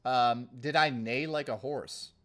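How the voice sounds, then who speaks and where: A man's voice: medium pitch, fairly bright tone. A man chatting casually on a live stream, thanking viewers and rambling into profane rants. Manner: rambling, profane, quick to rant. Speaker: livestreamer.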